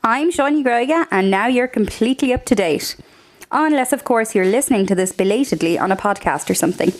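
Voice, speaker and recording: A man's voice: very high-pitched, lively intonation, fairly quick, voice pushed up. A man voicing a chirpy female TV news presenter with breezy broadcast sign-off patter.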